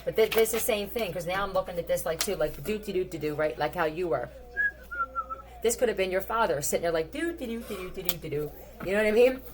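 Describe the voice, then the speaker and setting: Woman, tarot reader, lowish voice, blunt, swears freely, casual thinking aloud. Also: fast talker, background noise. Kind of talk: casual tarot reading commentary.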